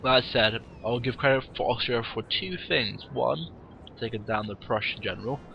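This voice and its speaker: A man with a cold, casually commentating a game replay in a warm room at home with wry, rambling asides. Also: medium pitch, moderate pace, vocal fry, highs cut off, a little hiss or hum. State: has a cold, sniffly.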